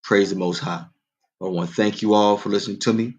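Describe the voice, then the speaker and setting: A man's voice: fairly even intonation, a little fast, darkish tone, dull audio. A man hosting a casual radio show, telling dad jokes, laughing at his own punchlines and talking straight to his listeners. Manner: quoted voices go far higher in pitch.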